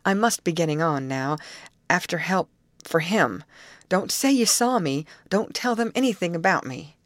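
A woman's voice: on the low side, lively intonation, normal speed, no echo, studio quality, close to an everyday voice. A woman reading the part of a ragged, nervous young man on the run, who talks in earnest, urgent pleas.

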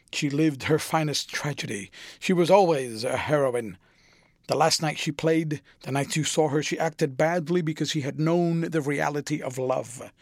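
A man voicing a vain, cold young gentleman who speaks in a languid, airy, dismissive manner, with a husky voice. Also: mid-range voice, no room sound, studio quality.

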